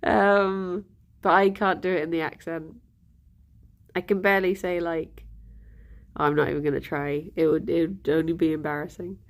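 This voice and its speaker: A woman's voice: fairly low pitch, steady tone, moderate pace. A young woman chatting casually with her stream viewers, rambling and giggly, sounding a little bunged up. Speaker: livestream host.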